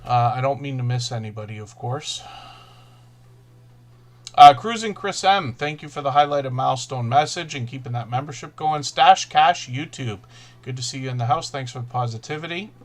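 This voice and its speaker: Fast-talking man hosting a live chat. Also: mid-range voice. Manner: fast-talking, self-correcting, chatty. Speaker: livestream host.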